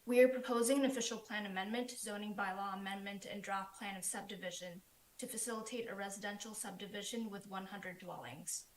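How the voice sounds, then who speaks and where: A woman's voice: mid-range voice, steady tone, a little fast. A woman planner giving a formal prepared presentation, reading steadily through a report over a remote call. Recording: echoey remote call audio.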